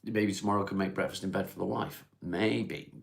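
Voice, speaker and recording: A man from Cheshire, hosting a casual livestream, reading viewers' comments aloud and answering them in a laid-back, unhurried way. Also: low-pitched, steady tone, vocal fry. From England (Cheshire). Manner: laid-back, unhurried, reads chat questions aloud then answers plainly. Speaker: livestream host. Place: at home, smoking while streaming.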